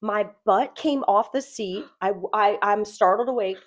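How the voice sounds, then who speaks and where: A middle-aged woman co-hosting a podcast, telling a story in a casual, animated way and acting out the voices of others. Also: medium pitch, measured pace. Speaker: podcast co-host.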